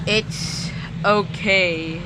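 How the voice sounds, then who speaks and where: A gameplay streamer in casual commentary who gets excitable, shouting urgent commands and reading game text aloud. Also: medium pitch, drawn-out words, noisy background.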